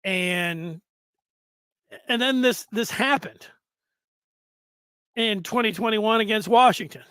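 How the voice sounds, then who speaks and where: A man's voice: high voice, takes it slowly, fairly bright tone, clean tone, dry recording. A man in his fifties hosting a sports podcast, talking in a rambling, conversational way with asides and restarts. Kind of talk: casual sports podcast commentary.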